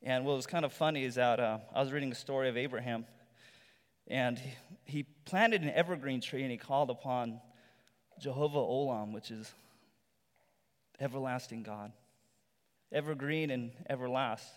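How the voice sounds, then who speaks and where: A male pastor giving a sermon in a relaxed, conversational storytelling manner, with rhetorical asides to the congregation. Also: mid-range voice, normal speed, pauses often. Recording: long reverb from a large hall.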